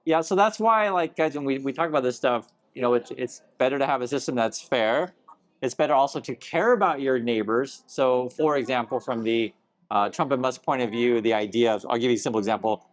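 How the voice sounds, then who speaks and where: A man hosting a relaxed news commentary chat, talking casually with fillers and small chuckles. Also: medium pitch, brisk. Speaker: host.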